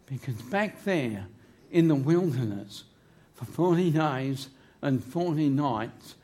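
A man's voice: on the high side, expressive, slow, dark tone. A man preaching a sermon in church into a microphone, emphatic and humorous, drawing his phrases out. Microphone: handheld microphone.

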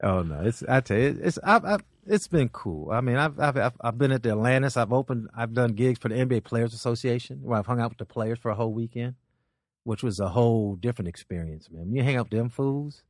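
A man's voice: mid-range voice, fast, no room sound. A male comedian telling stories as a guest, rambling with frequent restarts. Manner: rambling, animated, with many restarts. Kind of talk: casual storytelling chat.

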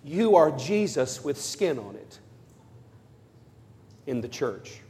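A priest preaching at a conference, emphatic and telling stories with playful asides. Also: male voice, medium pitch, big pitch swings, slow pace, dark tone. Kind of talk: conference sermon. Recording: long hall reverb.

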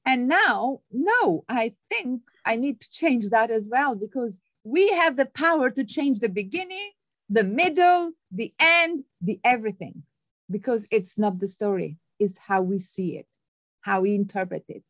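A guest author in a conversational interview speaks with an animated, fairly bright woman's voice at a measured pace. She is emphatic and motivational, acting out quoted voices with big pitch jumps, and the recording is dry.

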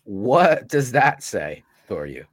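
Man, sports show co-host, heated profane rants, unhurried drawl, lively pitch. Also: slightly rough, no echo, studio quality. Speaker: podcast co-host. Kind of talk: casual sports talk show. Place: podcast studio.

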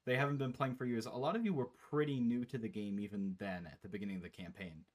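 A young man, the host and game master, chatting casually over an online call as a rambling, animated storyteller. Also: lowish voice, quick pace. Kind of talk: casual chat, recapping a campaign.

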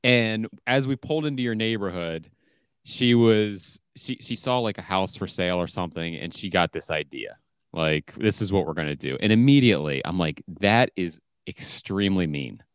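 A man with a lowish voice hosting a podcast, talking in a relaxed and amused way. The recording is dry and close. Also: normal speed, clean tone, no echo. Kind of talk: casual chat.

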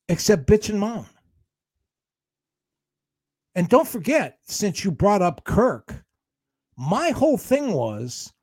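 A male talk show co-host in a heated on-air argument, defensive and combative, breaking into fast rants. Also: sits high, a little mellow, no room sound.

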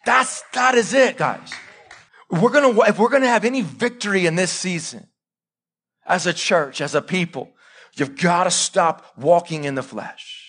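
A man in his thirties preaching a live sermon, swinging between loud urgent bursts and quiet, intimate asides and asking the congregation direct questions. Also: high-pitched, normal speed, husky. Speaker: pastor.

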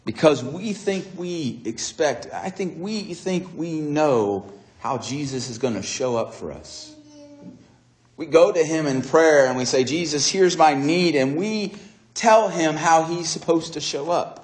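A man preaching a sermon, retelling a story dramatically and acting out its dialogue with swings between soft and raised delivery. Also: a little high, expressive, measured pace, roomy sound.

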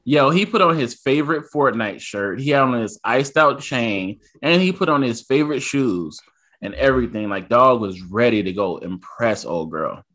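A man in his thirties tells a story in relaxed podcast chat. He acts out the other people in it with lively shifts of voice. His pitch sits in the middle range. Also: normal speed. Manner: animated, acts out his son's lines. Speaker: podcast co-host.

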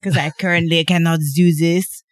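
A woman's voice: fairly low pitch, level tone, moderate pace, no echo. A woman co-hosting a podcast in casual chat, chatty and giggly with lots of fillers. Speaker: podcast co-host.

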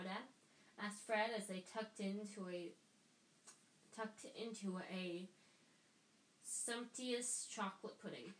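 A woman's voice: mid-range voice, fairly even intonation, a little slow, a bit bright. A woman reading a story aloud, stumbling and restarting lines as she goes. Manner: reads with frequent stumbles and restarts. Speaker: reader. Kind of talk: amateur audiobook reading. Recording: echoey room with faint noise.

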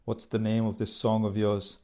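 A man reading as a gruff suspicious village headman. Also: lowish voice, monotone, moderate pace, mellow, lightly acted. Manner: gruff, interrogating.

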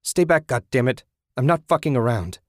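A man voicing a frightened young wife who shouts defiantly at her captor in an audiobook. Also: medium pitch, expressive, moderate pace, no echo, clean studio sound, voice pushed up, lightly acted. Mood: frantic. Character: terrified young wife fighting back.

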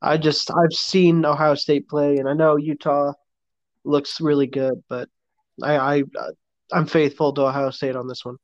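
A man's voice: fairly high pitch, flat delivery, measured pace, no echo, highs cut off. A sleepy, yawning man co-hosting a casual sports podcast, giving short picks. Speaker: podcast co-host.

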